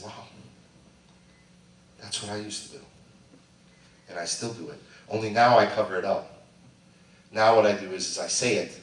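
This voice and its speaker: A middle-aged male pastor preaching a sermon, swinging between loud animated bursts and hushed asides. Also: fairly low pitch. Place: church sanctuary. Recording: echoey church sound from a distant mic.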